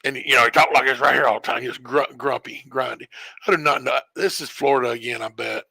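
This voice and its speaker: A man with a bright, forceful voice tells a meandering story while playing a game. He backtracks, corrects himself and chuckles along the way. The sound is dry and close. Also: medium pitch, fairly even intonation, quick pace, vocal fry, breathy edge, no room sound. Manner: rambling, self-correcting storyteller who chuckles often. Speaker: streamer. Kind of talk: casual storytelling while gaming.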